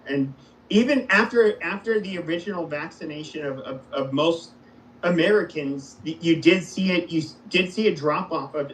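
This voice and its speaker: A man in a casual political debate, talking haltingly with many restarts. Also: fairly high pitch, slight background noise, low-quality recording. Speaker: mayoral candidate and host.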